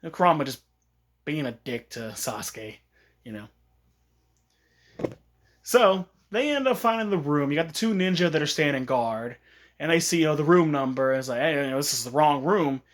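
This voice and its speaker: A man's voice: on the high side, very animated, normal speed, long pauses. A man with a slightly raised voice tells a fan story in a loose, rambling way. He leans on fillers as he goes, and his tone stays casual throughout.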